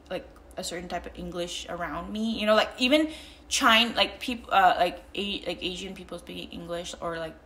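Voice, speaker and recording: A woman's voice: mid-range voice, bright, forceful tone. A young woman vlogging in casual chat with a mild American accent, rambling with many fillers and restarts.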